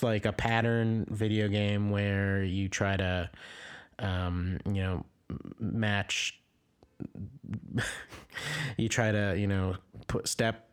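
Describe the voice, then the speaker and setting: A man improvising a comedy bit on a podcast, telling a rambling story with a halting, deadpan delivery. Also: on the low side.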